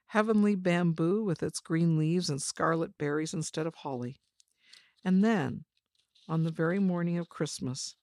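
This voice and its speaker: A woman with a fairly low voice reads a first-person memoir, measured and reflective. The sound is close and dry, with no room around it. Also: darkish tone, no room sound. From China. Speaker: narrator of a personal story.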